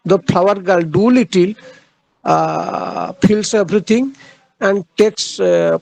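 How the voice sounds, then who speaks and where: A man giving a literature lecture, halting, with frequent fillers and repeated phrases. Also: high-pitched, gravelly, a little mellow, no room sound, poor audio.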